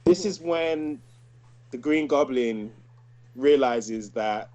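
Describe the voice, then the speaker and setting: A man's voice: medium pitch, slow pace. A man, co-hosting a casual chat and acting out quoted lines as he talks. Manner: animated, acts out quoted lines from a cartoon. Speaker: podcast co-host.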